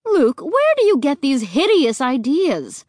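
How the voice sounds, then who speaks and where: A laid-back mother enjoying the quiet, ready to scold her son's gross ideas, as a woman reading a storybook puts her on. Her voice sits a bit high and unhurried, with lively inflection in a dry, close sound. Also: no room sound. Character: relaxed, gently scolding mother.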